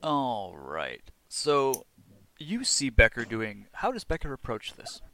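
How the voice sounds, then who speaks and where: A man narrating as game master of a tabletop role-playing game, chatty and quick to laugh. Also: medium pitch, wildly swooping pitch, pushed and bright.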